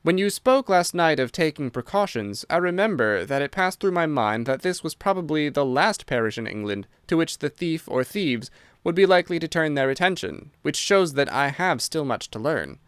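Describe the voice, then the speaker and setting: A man doing a sharp, dry-witted detective. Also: a little high, animated, clear, resonant tone, dry recording. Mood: musing. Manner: measured, thoughtful.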